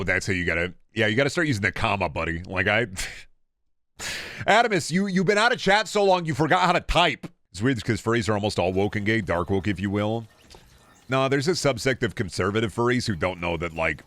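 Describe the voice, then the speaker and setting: A man's voice: lowish voice, a bit bright, dry recording, studio quality. A man streaming and chatting casually with his viewers, joking, rambling and swearing freely. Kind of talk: casual livestream chat.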